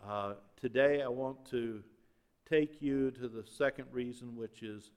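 A man preaching a sermon as pastor, swinging between loud and quiet passages. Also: medium pitch, a little slow. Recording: long reverb of a large hall.

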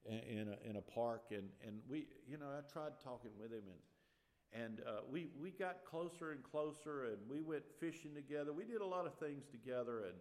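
A middle-aged man preaching a sermon in a church, his voice climbing and growing loud on key points, with many restarts and fillers. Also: medium pitch, a little fast. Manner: animated, rising loud on emphasis, restarts and fillers.

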